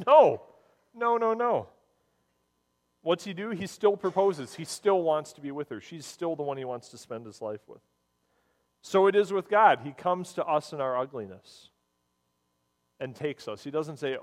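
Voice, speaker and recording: A man preaching a sermon, telling stories in an earnest, animated way. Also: a little high, normal speed, long reverb tail. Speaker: pastor.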